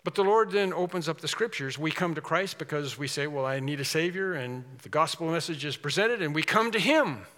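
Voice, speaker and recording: A man preaches earnestly and emphatically, returning again and again to his key phrases, in a high, bright, forward voice. He talks animatedly and a little fast with hardly any pauses, and his voice rings with a long reverb like in a large hall.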